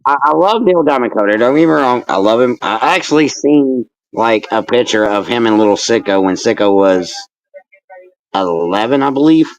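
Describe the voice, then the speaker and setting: A man's voice: mid-range voice, normal speed, no echo, poor audio. A man who is a wrestling manager and referee, talking as a guest in a casual interview, ranting and teasing with constant swearing. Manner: animated, swearing, teasing ranter. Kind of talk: casual profane interview chat.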